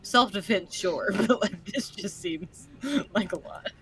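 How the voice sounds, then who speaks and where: A woman's voice: medium pitch, measured pace, crowd noise. A woman playing a tabletop game, chatty and joking. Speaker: player. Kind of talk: casual tabletop play.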